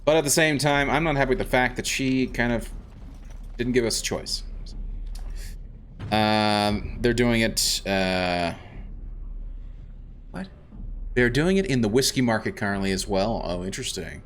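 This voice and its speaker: A man's voice: medium pitch, a little slow, long pauses, fairly bright tone, a little hiss or hum. A man streaming a game, chatting casually with viewers and rambling a bit. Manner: chatty, rambling, restarts, answers chat. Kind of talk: casual let's-play chat.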